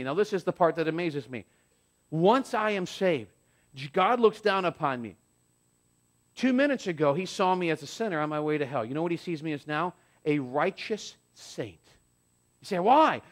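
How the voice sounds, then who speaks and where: A man preaching a sermon as pastor in a church, impassioned, surging and dropping in force. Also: a little high. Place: church sanctuary.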